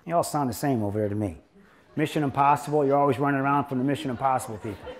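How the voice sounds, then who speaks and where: A man's voice: mid-range voice, very fast. A man giving a lecture to an audience as a doctor, telling patient stories in a rambling, joking way. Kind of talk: anecdotal lecture to a live audience.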